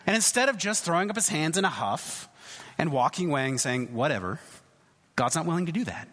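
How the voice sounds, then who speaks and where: A man preaching in a loose, conversational way, stumbling over restarts and playing out the voices in his story. His pitch sits a little high and swings widely. The sound trails off into a long hall reverb. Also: lively intonation, fast, a bit bright. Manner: conversational, hesitant restarts, acts out quoted voices. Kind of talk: sermon.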